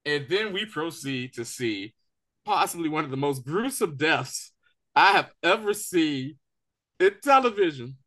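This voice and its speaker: A man's voice: a little high, a little slow. A man co-hosting a TV review podcast, retelling scenes in casual slang and acting out the characters' lines. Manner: animated storytelling, acts out quotes. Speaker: co-host of a TV review show. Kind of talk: casual recap chat.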